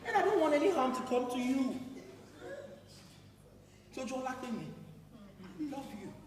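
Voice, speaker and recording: A man plays a young Nigerian man with a Nigerian accent, high-pitched, emphatic and quick to laugh. The voice comes from far off in an echoey hall, and an audience is audible. It sounds like a stage performance. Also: expressive, crowd noise. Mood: tender. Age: 20s. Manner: emphatic, pleading, laughs often. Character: Nigerian man, passionate, loving, frustrated. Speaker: stage actor. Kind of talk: stage drama. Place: theater stage.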